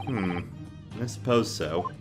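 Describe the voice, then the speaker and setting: A man's voice: lowish voice, takes it slowly, pitched below the performer's own voice. A man voicing a nervous young man who stammers when accused, over game music. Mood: worried. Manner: flustered, stammering.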